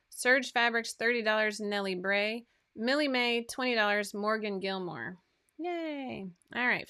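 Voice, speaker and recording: A woman's voice: a little high, vocal fry, pushed and bright. A woman hosting a sewing pattern livestream in a casual, chatty way, reading out winners with asides. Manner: chatty, asides and fillers between list items.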